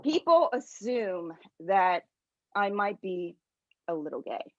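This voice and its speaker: A woman's voice: medium pitch, very animated, slow pace, no room sound, muffled recording. Give me a woman comedian rambling through a set on a video call, dry close sound. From Connecticut, US. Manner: chatty, rambling, lots of "like" and "you know". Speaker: stand-up comedian.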